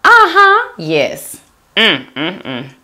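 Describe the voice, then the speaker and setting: Woman mukbang host, slow and drawling, very animated pitch, casual chatter to viewers between bites. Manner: chatty, animated, says "y'all" a lot, chewing sounds. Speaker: mukbang vlogger. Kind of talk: casual eat-with-me chat.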